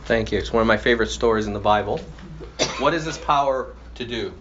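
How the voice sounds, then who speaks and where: Leading a group Bible study, a man prompts people to read, poses questions, and affirms their answers. He speaks fast in a mid-range, fairly bright voice, and the recording is slightly muffled with a faint hiss.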